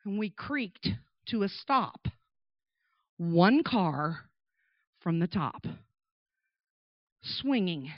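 A woman preaching through a lively personal story, with emphatic, animated delivery. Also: lowish voice, drawn-out words, pauses often, dry recording. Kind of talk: storytelling sermon. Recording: dull dry recording.

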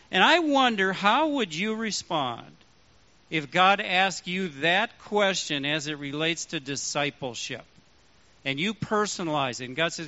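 Man preaching, high voice, bright, animated delivery, dull lo-fi recording. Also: unhurried. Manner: animated, acts out quoted voices. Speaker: pastor. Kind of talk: sermon. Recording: dull lo-fi sound.

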